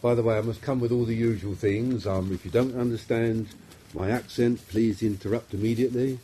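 Here the psychiatrist, a middle-aged Londoner, keeps a fairly even intonation in a mellow, mid-range voice and moves a little fast. A slight hiss or hum sits under his informal, self-mocking talk to a small group, which is full of fillers and false starts.

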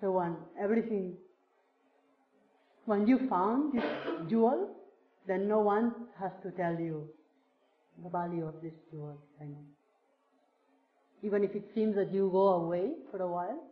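Slow woman doing a reflective spiritual talk, lots of "like", echoey room, kinda muffled. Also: mid-range voice. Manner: slow, searching, many fillers like "like". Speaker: speaker sharing a teacher's words with a group. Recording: roomy, dull lo-fi sound.

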